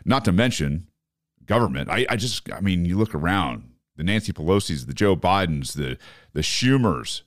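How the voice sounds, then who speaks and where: Deep-voiced man ranting in profane disbelief. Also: expressive, normal speed, dry recording, clean studio sound. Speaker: podcast host. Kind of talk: opinionated political commentary.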